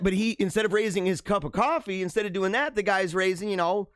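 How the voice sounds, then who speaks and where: Animated laughing man hosting a live show. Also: high-pitched, a little fast, hardly any pauses, no echo, clean studio sound. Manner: animated, laughing, slangy ("dude", "bro", "man"). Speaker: livestream show host. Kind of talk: casual live-show chat reading viewer comments.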